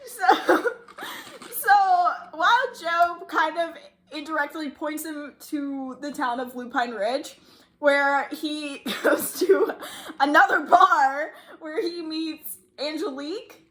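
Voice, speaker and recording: A woman's voice: high voice, slow pace, fairly bright tone. A woman hosting a casual movie review chat, giggling often as she recounts the plot with lots of fillers. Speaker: host.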